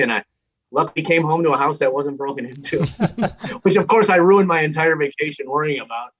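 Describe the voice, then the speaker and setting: A man's voice: on the high side, a bit bright. A man with a Minnesotan accent, a radio host chatting as an interview guest, rambling and laughing often. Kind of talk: casual interview chat. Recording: dull lo-fi remote audio.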